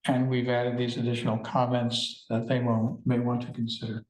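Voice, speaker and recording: A man on a county committee, making motions and cracking jokes in a brisk way. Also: mid-range voice, monotone, a little mellow. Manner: joking, brisk. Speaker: committee member. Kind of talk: public meeting discussion. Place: county meeting room. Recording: echoey meeting room.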